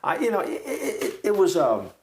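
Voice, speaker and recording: A man co-hosting a faith talk show, speaking reflectively and haltingly, often restarting. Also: high voice, wildly swooping pitch, a little hiss or hum, rough recording. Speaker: co-host. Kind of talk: casual chat.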